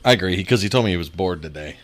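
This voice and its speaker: A man co-hosting a casual podcast chat, an animated storyteller who laughs often. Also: low-pitched, very fast, noisy background. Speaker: podcast co-host.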